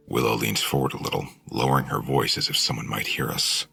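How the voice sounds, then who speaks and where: A man narrating a novel in the first person, in an even, measured storytelling voice. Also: very deep voice, gravelly, slightly rough, no echo, faint music behind. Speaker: audiobook narrator.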